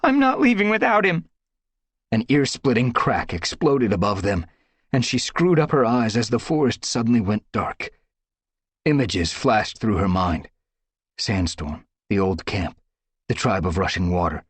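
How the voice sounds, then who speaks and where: A man with a husky voice reading an audiobook with dramatic, tense storytelling. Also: fairly low pitch, measured pace, no room sound. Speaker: audiobook narrator. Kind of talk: dramatic scripted narration.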